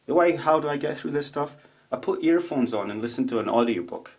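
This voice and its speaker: A man in a casual, rambling video monologue, swearing a lot as he tells stories in an animated way. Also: medium pitch, a little fast. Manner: profane, rambling, animated storytelling. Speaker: vlogger. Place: home room with a roommate nearby.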